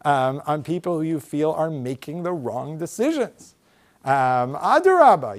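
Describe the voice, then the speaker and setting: Man lecturing in a thoughtful, halting way. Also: medium pitch, a little mellow. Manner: thoughtful, hedging, many fillers and restarts. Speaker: rabbi giving a memorial lecture. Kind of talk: conversational lecture answer. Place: lecture room with in-person audience.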